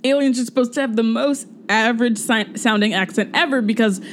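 A woman's voice: fairly high pitch, fairly quick, slight background noise. A woman co-hosting a podcast, chatting about a film in a loose way, full of "like" and laughter. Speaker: podcast co-host. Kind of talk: casual film commentary.

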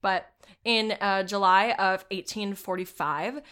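A woman co-hosting a casual podcast with a middle-pitched voice. She reads old accounts aloud and keeps breaking off into laughter and swearing asides. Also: steady tone, a little slow, sharp tone, clear, resonant tone. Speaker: podcast co-host.

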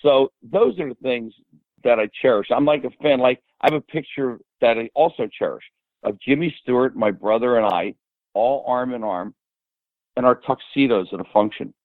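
An older man as a podcast guest, rambling and animated as he tells stories and quotes people. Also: mid-range voice, normal speed, no room sound. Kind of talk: casual storytelling. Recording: tinny phone-like line.

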